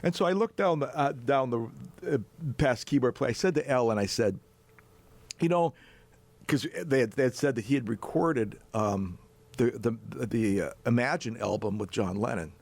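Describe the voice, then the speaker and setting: A man in his sixties from North Dakota, a bass player telling a long story as a guest, animated and chuckling as he goes. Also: normal speed, dry recording. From North Dakota, USA. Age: 60s. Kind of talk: storytelling anecdote in a chat.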